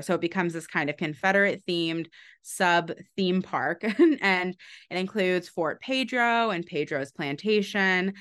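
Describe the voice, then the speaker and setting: A woman historian speaks in a fairly low voice, working through her explanation with many fillers and quick restarts. She laughs lightly now and then as she talks about her book in an unscripted podcast interview. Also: fairly bright tone, clear, resonant tone. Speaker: author and historian.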